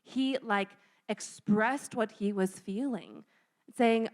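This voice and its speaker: A woman's voice: medium pitch, slow. A young woman giving a casual, chatty sermon in a church room, saying "like" a lot and acting out little scenes. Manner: chatty, says "like" often, acts out little scenes. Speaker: youth speaker at church.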